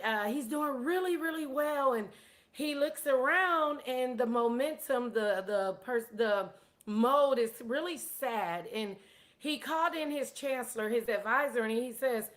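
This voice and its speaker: A woman giving a casual storytelling lesson on money, chatty and self-deprecating, often repeating words. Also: on the high side. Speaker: teacher of a personal finance course.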